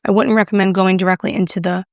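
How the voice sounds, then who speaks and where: A woman's voice: medium pitch, little pitch movement, quick pace, dry recording, studio quality. A young woman casually reviewing makeup, chatty and self-deprecating as she applies it on camera. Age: young adult. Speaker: beauty YouTuber.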